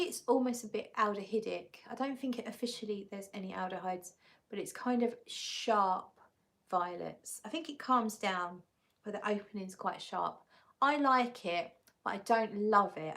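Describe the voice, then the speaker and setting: A woman's voice: medium pitch, moderate pace, gravelly, fairly bright tone. A woman hosting a casual livestream, reading out viewer comments and talking about perfumes. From England. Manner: chatty, reads viewer comments aloud and answers them. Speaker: livestream host reviewing perfumes. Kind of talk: casual live chat.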